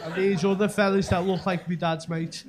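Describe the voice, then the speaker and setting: In a comedy club, a young man from Merseyside, England, performs a rambling stand-up set full of local slang in his Scouse accent. He speaks high and level at a moderate pace, with background noise and crowd laughter throughout.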